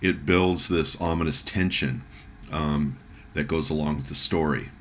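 A man giving a music lecture, talking in a halting way with many fillers and restarts as he reads and translates a German poem. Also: very deep voice, sharp tone, slight background noise. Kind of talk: recorded lecture.

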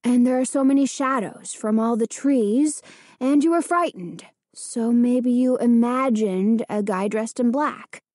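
Lady doing a soft worried boy, gentle, a little husky. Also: on the high side, measured pace, no room sound, studio quality. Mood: concerned.

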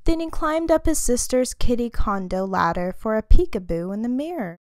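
A woman reading a children's story aloud in a lively, expressive way. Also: on the high side, moderate pace, no room sound, clean studio sound. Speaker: storybook reader.

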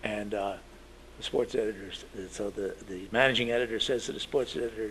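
A man's voice: fairly low pitch, brisk, fairly bright tone, slight background noise. An older man, a veteran journalist, telling anecdotes in a rambling talk full of fillers and restarts.

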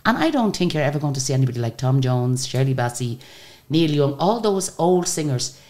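Brisk and extremely low-pitched, the voice belongs to a singer in her sixties with an Irish accent. In a casual interview she tells stories in a chatty, lively way, restarting sentences often.

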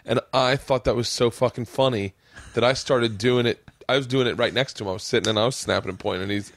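A man's voice: medium pitch, steady tone, fast, fairly bright tone, no echo. A man hosting a casual podcast, telling rambling stories full of swearing. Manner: profane, rambling storyteller. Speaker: podcast host.

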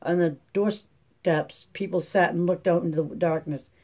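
Measured, mellow audiobook narrator. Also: mid-range voice. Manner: steady, measured reading. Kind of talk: scripted narration.

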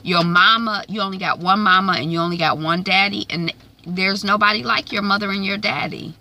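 A woman giving a casual, chatty TV episode recap, animated and slangy, with lots of "um" and "like" and opinionated asides. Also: mid-range voice, a little fast, poor audio. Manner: animated retelling, chatty with frequent "um" and "like". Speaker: TV recap vlogger.

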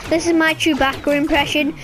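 Very high-pitched, excitable female gamer. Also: slight background noise. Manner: excitable, chatty, sudden high squeals. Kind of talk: casual gameplay commentary.

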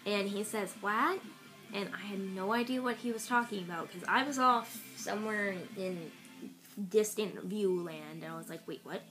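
A woman's voice: mid-range voice, a bit bright, low-quality recording. A young woman rambling casually through a haul video, recorded on an iPad. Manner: rambling and offhand, with fillers. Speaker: vlogger. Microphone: iPad camera. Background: faint music from a radio.

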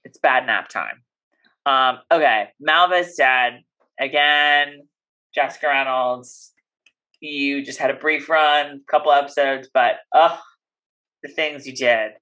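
Low, bright-voiced joking woman co-host. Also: slow, low-quality recording. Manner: joking and playful, repeats running gags. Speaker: podcast co-host recapping a TV episode. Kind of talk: casual chat.

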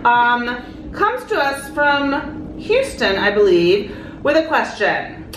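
A woman's voice: a little high, animated, slow pace, fairly bright tone, reverberant, a little hiss or hum, poor audio. A woman co-hosting a wine show, chatting in a bubbly way and often saying "like". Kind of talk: casual chat.

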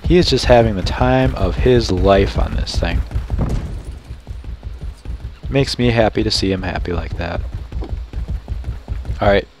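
A man playing a building game and commenting casually, goofy and excitable with sudden high yelps. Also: slight background noise. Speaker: gamer. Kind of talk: casual let's play commentary.

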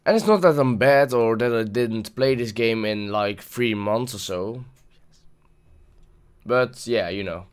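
A man's voice: medium pitch, measured pace, smooth. A man giving live gameplay commentary, frustrated and swearing at the game as he plays. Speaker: gameplay video creator.

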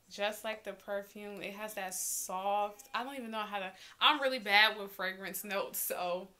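A woman vlogger talking casually and excitedly to her viewers as she unboxes and tries on a small clothing haul. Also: medium pitch. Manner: chatty and excitable, talks straight to viewers.

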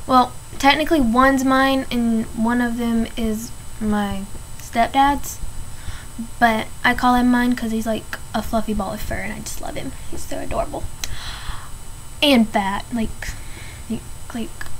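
A woman's voice: sits high, fairly bright tone, low-quality recording. A teenage girl ranting casually in a vlog, chatty and exasperated, full of "like". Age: teens. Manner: chatty, filler-heavy, exasperated. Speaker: vlogger.

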